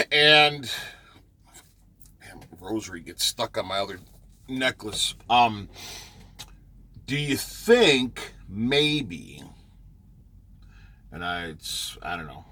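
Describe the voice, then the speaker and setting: Rambling trucker, a man with a lowish voice, loose vlog chat full of fillers, recorded in his parked truck. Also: big pitch swings, extremely slow, pauses often, bright, forceful tone. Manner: rambling, many fillers and restarts. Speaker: truck driver. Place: parked truck near a truck stop.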